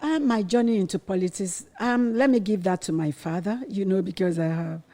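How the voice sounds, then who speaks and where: A woman's voice: medium pitch, fairly quick, mellow. A middle-aged woman from Nigeria telling her family's story to her daughter in an earnest way, acting out what was said back then. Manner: earnest, quotes her own past words with rising intensity. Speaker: interview guest, the host's mother. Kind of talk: candid personal storytelling.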